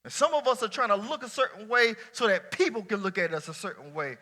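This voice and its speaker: Bright, high-voiced preaching man. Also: quick pace. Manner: lively colloquial preaching, swinging between shouts and near-quiet asides. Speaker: pastor. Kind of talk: sermon. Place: church before a congregation.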